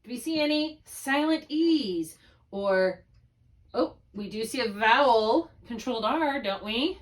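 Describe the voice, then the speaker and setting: Over a video call, a woman tutors a student in spelling one-on-one, walking through every step patiently and asking questions to check understanding. Her fairly high voice is animated at a measured pace, and she sits far from the laptop mic, held while she writes.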